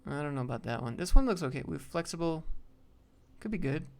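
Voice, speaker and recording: A man's voice: on the high side, expressive, fairly quick. A young man hosting a casual live stream, thinking aloud as he browses job listings and answers viewers.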